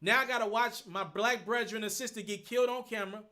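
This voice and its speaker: A man hosting a live stream, thinking out loud as he works through viewer questions. His voice sits high and sounds bright and forward. He restates his points as he goes and stays earnest. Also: fairly even intonation, quick pace. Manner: thinks aloud, repeats himself, earnest. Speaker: host.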